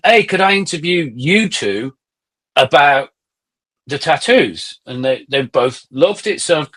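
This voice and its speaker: A middle-aged man sits in as a podcast guest and tells his stories in a loose, conversational way, peppering them with swearing. His voice sits in an ordinary mid range. He turns animated as the anecdotes build. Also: medium pitch. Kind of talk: casual conversational storytelling.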